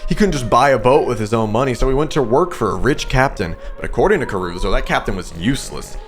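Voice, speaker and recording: A man's voice: mid-range voice, animated, fast talker, faint music behind, natural voice. A man voicing a smug, scornful male sea creature, reading game dialogue aloud in a mocking, condescending way. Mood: storytelling.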